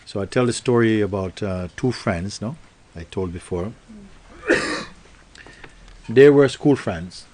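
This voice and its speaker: A man's voice: fairly low pitch, takes it slowly, long pauses, a little mellow, slight background noise. A man giving a spiritual satsang talk, telling a story playfully and acting out quoted voices, with loose spoken grammar. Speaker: spiritual teacher.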